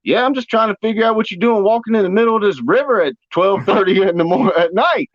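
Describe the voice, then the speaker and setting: Guy doing a friendly stranger, easygoing, a bit louder and higher, dull sound. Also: fast talker, natural voice. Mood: puzzled. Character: friendly curious man on a night walk.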